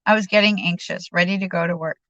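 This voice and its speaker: Bright-voiced woman reading aloud. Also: on the low side, steady tone, fast talker, no room sound. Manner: stumbles and restarts over words. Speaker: reader. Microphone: streaming microphone. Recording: dull lo-fi sound.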